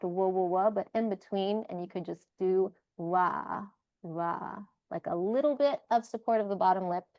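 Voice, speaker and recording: Slow, patient woman teaching sounds. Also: medium pitch, no room sound. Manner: patient, demonstrates sounds slowly. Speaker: Sanskrit class leader. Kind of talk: online group lesson. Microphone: video call.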